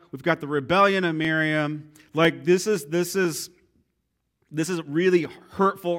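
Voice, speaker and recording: Man, pastor, sermon, bright tense voice, playful, joking. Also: on the high side. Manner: joking, playful, self-deprecating; animated, lively delivery.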